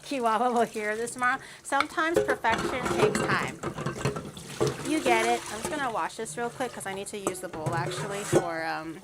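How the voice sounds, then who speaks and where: A woman's voice: fairly high pitch, normal speed, heavy background noise. A woman streamer chatting casually with her viewers while baking in her kitchen, playful and teasing as she reacts to chat. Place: home kitchen.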